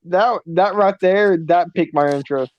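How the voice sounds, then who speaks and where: A man's voice: high voice, moderate pace, dry recording. A man co-hosting a casual chat, hesitant and enthusiastic, often restarting his sentences. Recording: dull dry lo-fi sound.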